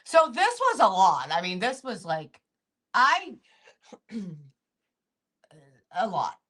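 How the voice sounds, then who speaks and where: A middle-aged woman co-hosting a podcast, telling a story in casual chat and acting out what people said. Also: takes it slowly. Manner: animated, acts out quotes with swings in pitch. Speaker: podcast co-host.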